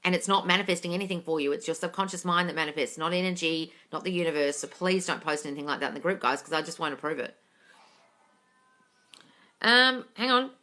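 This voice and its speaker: A woman's voice: sits low, fast talker, pushed and bright. A woman hosting a live question-and-answer stream as a coach, blunt and emphatic, swearing freely as she answers viewers. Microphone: phone or computer mic for a live stream.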